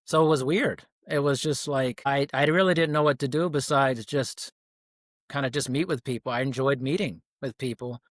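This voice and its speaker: A man's voice: medium pitch, moderate pace, no room sound, clean studio sound. A young man, a personal trainer, telling stories casually as a podcast guest, with loose restarts and chuckles. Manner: relaxed storytelling with frequent restarts and chuckles. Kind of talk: casual interview talk.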